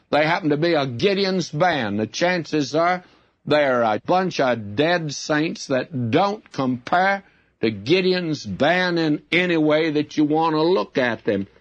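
A man's voice: a little high, dry recording. A male preacher giving a folksy, conversational and emphatic Bible-teaching sermon. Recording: dull dry lo-fi recording.

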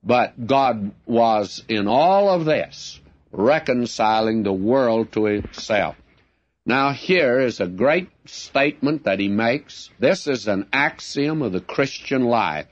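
A man's voice: mid-range voice, expressive, slow pace, no room sound, muffled recording. A man teaching verse by verse from the Bible in an earnest, plainspoken way, often calling his listeners friends.

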